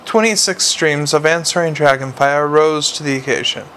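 A man's voice: fairly high pitch, normal speed, a bit bright, a little hiss or hum. A man narrating a fantasy story aloud, often stumbling and restarting words. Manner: reads with frequent slips and restarts. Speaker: audiobook narrator. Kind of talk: audiobook narration.

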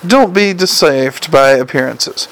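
A man voicing a fussy, nervous middle-aged male wizard who chatters and flusters, with a gravelly edge. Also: on the high side, a little slow, a bit bright, rough recording. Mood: earnest. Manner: flustered, chatty, eager to please.

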